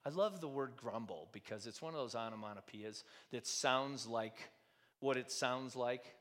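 A man preaching a sermon in a conversational way, asking the congregation many rhetorical questions and swinging between loud and soft. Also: medium pitch, lively intonation, normal speed. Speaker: pastor. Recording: long hall reverb.

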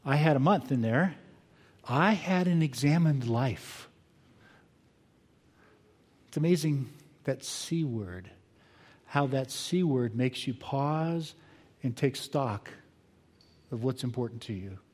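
Older pastor preaching in a reverberant hall. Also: male voice, medium pitch. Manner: earnest, reflective, shifting between quiet pauses and emphatic bursts. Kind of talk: sermon. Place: church sanctuary.

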